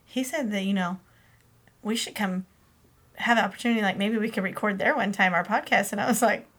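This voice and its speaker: A woman's voice: mid-range voice, fairly quick, fairly bright tone. A woman in her thirties co-hosting a podcast, chatting casually with short replies and frequent laughs. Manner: brief agreeing replies, laughs often. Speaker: podcast co-host. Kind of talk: casual chat.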